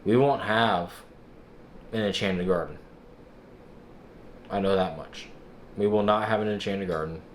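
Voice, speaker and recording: A young man casually vlogging, recounting a frustrating experience in an exasperated, animated way and acting out other people's lines. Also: fairly low pitch, measured pace, long pauses, a little hiss or hum. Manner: exasperated, animated storytelling with quoted dialogue. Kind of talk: casual vlog recap.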